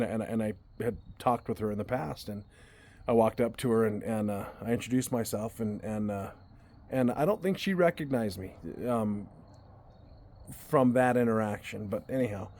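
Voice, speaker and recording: A man's voice: mid-range voice, a little mellow. A man telling a personal story to his viewers in a casual, earnest way, often restarting and repeating words as he goes. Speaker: vlogger.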